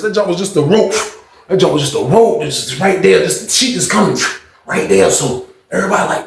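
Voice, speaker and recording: A man casually telling a prison story, acting out the people in it with raised, excited voices. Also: a little high, fairly quick, gravelly, reverberant. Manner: animated, acts out quotes in raised voices.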